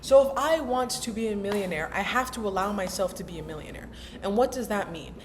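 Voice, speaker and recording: A young woman vlogs casually about mindset in a medium-pitched, slightly fast voice over slight background noise. Her self-help talk is chatty, emphatic and full of slang, and she acts out inner voices.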